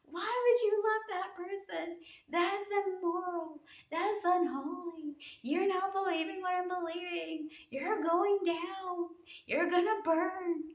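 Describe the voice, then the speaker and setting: A woman voicing a judgmental, self-righteous bigot in a high, scolding whine. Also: steady tone, slow, recorded from a distance, dull audio, exaggerated voice. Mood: mocking outrage. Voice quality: high-pitched mocking whine. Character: shrill, preachy judgmental bigot of either sex. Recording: echoey room.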